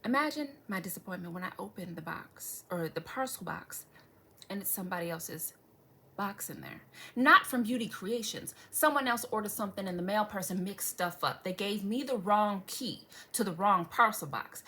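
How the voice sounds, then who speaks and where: Animated woman with lively swoops. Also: medium pitch, normal speed. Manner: animated, dramatic, swears freely; sarcastic asides to viewers. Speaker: beauty vlogger. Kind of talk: casual storytelling chat.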